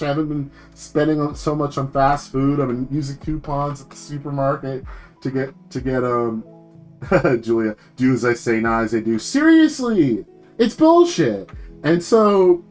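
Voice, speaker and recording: A young man streaming as a VTuber, ranting casually about his job and swearing freely, with laughs and sudden jumps in pitch. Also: fairly bright tone.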